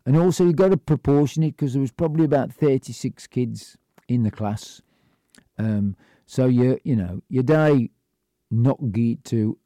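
A man's voice: medium pitch, warm tone, no echo, studio quality. An older man tells a rambling, blunt and self-deprecating story about his childhood. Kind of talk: personal storytelling monologue.

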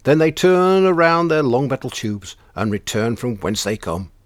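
A man's voice: medium pitch, sing-song, normal speed, no echo, clean studio sound, voice pushed up, natural voice. A man voicing a male alien captor who reports in a stiff, formal put-on accent. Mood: earnest reporting.

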